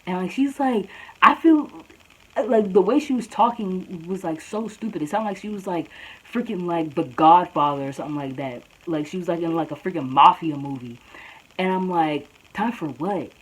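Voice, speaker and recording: A woman's voice: lowish voice, normal speed, husky, rough recording. A young woman vlogger telling a story in a casual, slangy way, often saying "bro.". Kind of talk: storytime vlog.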